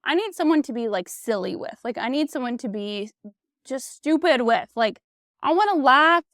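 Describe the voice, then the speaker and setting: A young woman hosting a casual podcast about dating, chatty and animated, full of fillers and swearing. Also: a little high, moderate pace, no room sound, studio quality. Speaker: podcast host. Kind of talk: casual solo dating chat.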